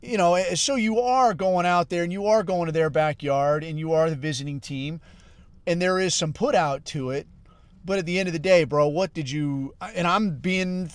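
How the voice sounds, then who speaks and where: A man's voice: a little high, clear, resonant tone, no room sound. A middle-aged man hosting a podcast, ranting casually with heavy swearing and a constant "dude" and "bro.". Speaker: podcast host. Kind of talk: casual profane rant.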